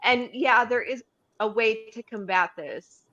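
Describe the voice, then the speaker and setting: Bright, hiccuping woman chatting. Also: on the high side, a little slow, no echo, highs cut off. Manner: laughing often, restarting sentences. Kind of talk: casual panel chat.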